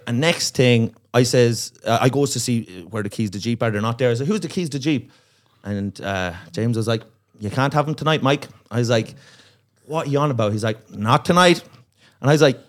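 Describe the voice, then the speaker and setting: A man telling a long, profane story on a comedy podcast, acting out the voices of the people in it. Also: medium pitch. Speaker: comedian guest.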